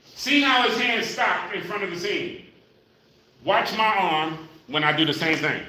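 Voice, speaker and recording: A man's voice: high voice, measured pace, bright, forceful tone. A man leading a live exercise class for seniors, counting reps, demonstrating moves and checking in with "okay?" as he explains. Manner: demonstrating moves while talking, energy rises when explaining. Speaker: senior fitness instructor. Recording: very echoey room, voice from far off.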